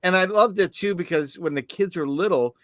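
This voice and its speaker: A man's voice: sits high, a little fast, a bit bright, dry recording. Rambling man telling stories, dry sound. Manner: rambling, storytelling with restarts. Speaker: podcast co-host. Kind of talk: casual podcast chat.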